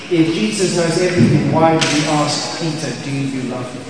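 A man preaching a sermon, impassioned, swinging between loud and hushed lines. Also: on the high side, a little fast, few pauses. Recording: echoey hall with noise.

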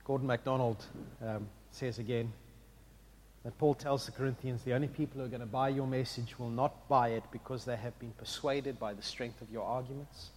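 A man preaching a sermon, with an impassioned delivery that swings from quiet reflection to loud exclamation. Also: medium pitch, fairly even intonation, brisk, slight background noise. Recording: long hall reverb.

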